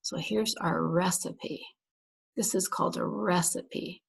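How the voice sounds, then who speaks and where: A woman teaching a beginner English class online, reading slowly and sounding out words carefully for learners. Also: lowish voice, steady tone, vocal fry, slightly rough, low-quality recording. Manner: over-enunciates words for language learners. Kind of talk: slow, deliberate classroom instruction.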